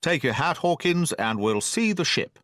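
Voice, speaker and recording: A man reading a brisk, haughty squire. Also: on the high side, big pitch swings, fairly bright tone, no room sound, clean studio sound, voice pushed up. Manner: brisk, commanding, quick to take offence.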